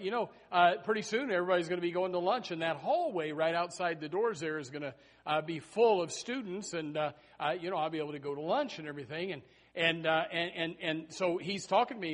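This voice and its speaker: A man's voice: a little high, fairly quick, fairly bright tone. A middle-aged man preaching a sermon, telling a personal story in a rambling way with many restarts.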